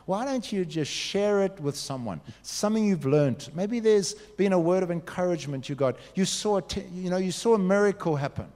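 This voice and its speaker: A man preaching to a youth group, talking straight to them with quick acted asides. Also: sits high. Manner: animated, talks to the audience directly with quick acted asides. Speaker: youth pastor. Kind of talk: youth sermon. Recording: long hall reverb.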